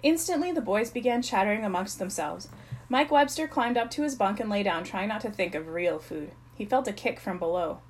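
A woman reading a children's chapter book aloud. Her delivery is plain and even, in a steady storytelling rhythm. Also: medium pitch, fairly quick, a little hiss or hum. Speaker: narrator.

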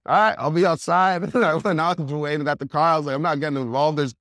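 A man's voice: a little high, fast talker, dry recording, clean studio sound. Young man telling a rambling story. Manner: animated, heavy use of "like", laughs while telling. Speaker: podcast guest. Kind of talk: casual storytelling.

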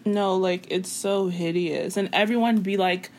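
A woman chatting casually, blunt and quick to chime in, swearing freely. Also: medium pitch, steady tone. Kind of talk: casual chat.

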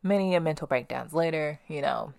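A woman's voice: sits low, brisk, vocal fry, a little mellow, no echo, studio quality. A young woman hosting a podcast, telling candid personal stories in a blunt, casual way and swearing freely. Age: young adult. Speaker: podcast host.

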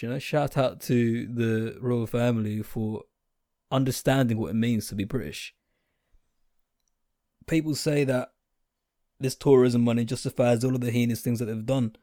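A man's voice: mid-range voice, dark tone, no echo, studio quality. Blunt, sarcastic British man. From United Kingdom. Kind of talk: opinionated monologue.

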